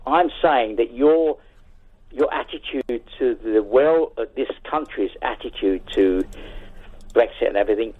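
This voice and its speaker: A man calling in to a radio show, speaking earnestly and haltingly and repeating himself. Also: mid-range voice. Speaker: caller. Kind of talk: phone-in call. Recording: telephone line.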